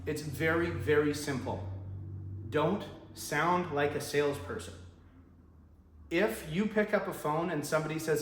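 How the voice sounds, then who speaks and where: A man's voice: fairly high pitch, moderate pace, a bit bright. A man teaching car salespeople phone skills, talking straight to the viewer in an upbeat way and acting out sample phone greetings. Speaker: sales trainer. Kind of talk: direct-to-camera sales tips. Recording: echoey room with faint ambience.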